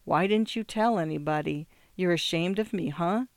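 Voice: mid-range voice, normal speed, clean tone, dry recording, studio quality, close to an everyday voice. A narrator voicing a nervous young farm woman who pleads and rambles, in an audiobook reading. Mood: pleading. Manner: earnest, anxious, rambling.

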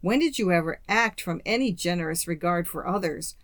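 Reader voicing a stern indignant young woman, contemptuous, dry close audiobook sound, slightly raised pitch. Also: lively intonation, brisk, fairly bright tone, dry recording, close to an everyday voice. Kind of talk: audiobook character reading.

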